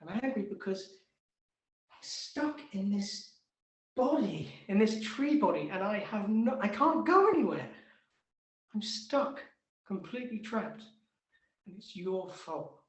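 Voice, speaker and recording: A man's voice: high-pitched, sing-song, a little slow, long pauses, roomy sound, voice pushed up. A man voicing a bitter, furious old male tree that wails, sobs and rants indignantly at God. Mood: angry ranting. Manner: wailing, shouting, sobbing outbursts. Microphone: video call.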